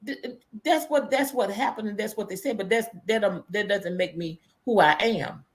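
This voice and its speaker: A woman's voice: mid-range voice, normal speed. Earnest, reflective woman host. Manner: earnest and reflective, restarts phrases. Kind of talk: conversational interview.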